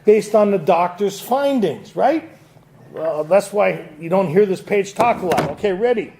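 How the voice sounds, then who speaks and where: High, gravelly-voiced man quizzing a room. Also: expressive, takes it slowly, darkish tone. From Canada. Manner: quizzes the audience, joking and laughing. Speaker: AA speaker leading a Big Book study. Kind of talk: lively talk to a recovery group. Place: meeting room with audience.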